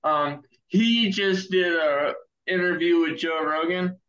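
A man's voice: fairly high pitch, slow, fairly bright tone, highs cut off. A man co-hosting a podcast in casual chat, hesitant and full of fillers but emphatic. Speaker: podcast co-host.

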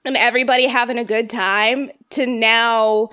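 A young woman in casual movie review chat, animated and joking, swearing freely. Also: on the high side, normal speed, clear, resonant tone.

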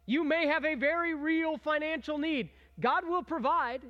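High-voiced, lively preaching man. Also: normal speed, muffled recording. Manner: animated, conversational preaching with audience prompts; reads scripture aloud with rising emphasis. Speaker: pastor. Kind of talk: sermon.

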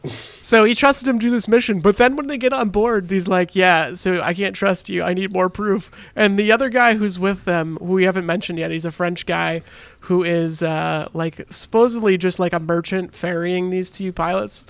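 Co-hosting a laid-back movie review podcast, a man laughs a lot, curses freely and performs lines from films. His voice sits high, clear and resonant, with fairly even intonation at normal speed. The recording is dry.

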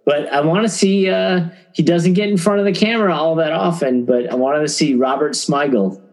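A man co-hosting a casual podcast chat from home, with dry, unhurried remarks. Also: on the high side. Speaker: podcast co-host.

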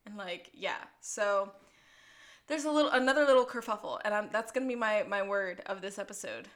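A woman's voice: mid-range voice, lively intonation, normal speed, fairly bright tone. A woman co-hosting a podcast in casual chat, chatty and giggly, acting out quoted lines as she goes. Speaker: podcast co-host.

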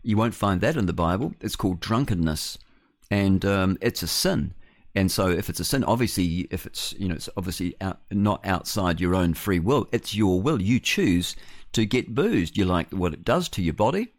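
A man's voice: low-pitched, expressive, moderate pace, no room sound. A man hosting a talk radio show, blunt and scoffing, rambling through fillers. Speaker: radio host. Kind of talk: opinionated talk radio monologue.

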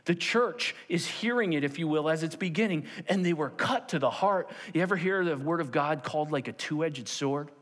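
A man delivers a sermon from the front of a church, his voice pitched a little high and carrying a long reverb through the room. He tells a personal story with animation, slipping into the voices of the people he quotes and checking in with the congregation as he goes. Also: normal speed, hardly any pauses. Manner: animated, acts out quoted voices, repeats "okay?". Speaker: pastor. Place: church sanctuary.

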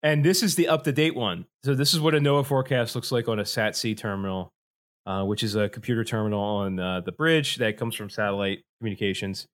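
A man's voice: lowish voice, brisk. A man hosting a casual podcast, rambling through his points with lots of fillers, swearing freely and laughing often. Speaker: podcast host presenting slides.

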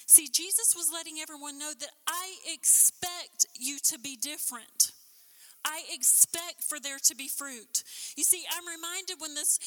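A woman preaching a sermon with passion, building to emphatic peaks and then dropping low. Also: bright, forceful tone. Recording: long hall reverb.

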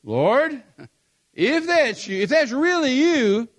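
A man's voice: very high-pitched, sing-song, slow, dry recording, clean studio sound, pitched above the performer's own voice, full character voice. A man voicing the disciple Peter, pleading eagerly and hopefully to be called onto the water.

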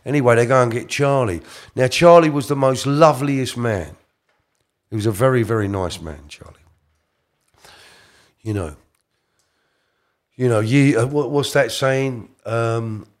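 A middle-aged man tells a casual story as an interview guest, rambling, correcting himself, and shifting into quoted voices. His medium-pitched voice is expressive, with a measured pace and frequent pauses.

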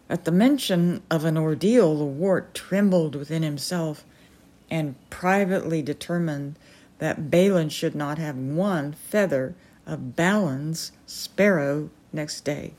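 A woman reading a novel aloud as a storyteller, slowly and gently, giving each character a voice. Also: low-pitched.

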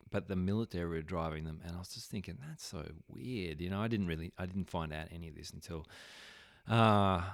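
A man's voice: low voice, no echo, clean studio sound. A young man with an Australian accent telling a travel story casually, rambling with lots of fillers and the odd swear word.

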